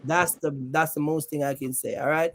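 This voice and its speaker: High-voiced joking livestream host, a man. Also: steady tone, moderate pace, a bit bright. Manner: loose and joking, reads the chat aloud, lots of "man" and "you know". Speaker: host of a trucking business livestream. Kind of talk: casual live-stream chat.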